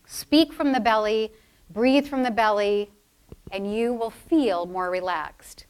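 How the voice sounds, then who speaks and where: A woman's voice: medium pitch, takes it slowly, smooth. A woman teaching public speaking to a live audience, leading breathing exercises in an encouraging, playful coaching manner. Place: lecture hall with audience.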